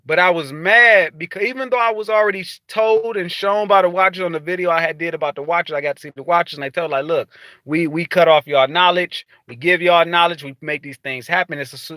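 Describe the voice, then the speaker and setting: A man's voice: high voice, clear, resonant tone, no room sound, clean studio sound. A man speaking casually to viewers in a rambling, profane monologue, full of restarts. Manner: rambling, profane, animated storytelling with frequent restarts. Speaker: spiritual vlogger.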